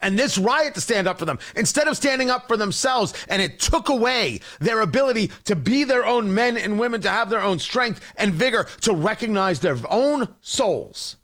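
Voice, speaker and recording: A man's voice: high voice, expressive, moderate pace, hardly any pauses, fairly bright tone. A man hosting a talk radio show, delivering a combative, mocking political monologue.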